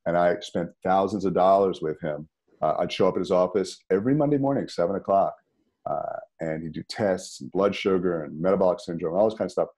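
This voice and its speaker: A man, a podcast guest telling a personal story in a conversational, animated way. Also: low-pitched, a little fast. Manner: animated, rises sharply when emphatic.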